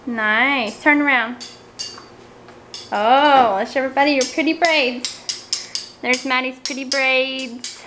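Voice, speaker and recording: A woman's voice: sits high, fairly even intonation, takes it slowly, long pauses, bright, forceful tone, soft background music, rough recording. A woman in her thirties, a homeschooling mother, chatting casually to the camera about her family's day at home. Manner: chatty, reads picture books aloud to children. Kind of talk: casual family vlog narration.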